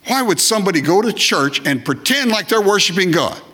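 A man's voice: sits high, lively intonation, fairly quick, pushed and bright, breathy edge. A man preaching a sermon, emphatic and repeating phrases, now and then acting out short comic voices. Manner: acts out short comic voices of worshippers and God. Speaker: pastor.

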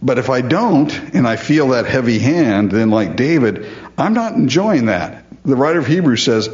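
Middle-aged guy preaching, pitch jumps all over, chuckles a lot, muffled lo-fi recording. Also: normal speed. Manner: animated, chuckles often, voices the psalmist in character. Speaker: pastor. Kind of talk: sermon. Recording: dull lo-fi sound.

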